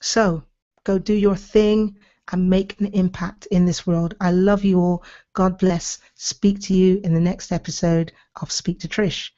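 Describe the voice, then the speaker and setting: A woman's voice: fairly low pitch, steady tone, measured pace, warm tone. Passionate woman giving a pep talk. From Britain. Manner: passionate, emphatic. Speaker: speaking coach and show host. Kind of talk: motivational video talk. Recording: slightly dull lo-fi audio.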